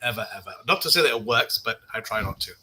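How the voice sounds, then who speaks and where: A young man on a podcast, telling personal stories in a casual chat, halting and self-mocking with many restarts. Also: medium pitch, animated, sharp tone, slight background noise, rough recording. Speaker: podcast guest.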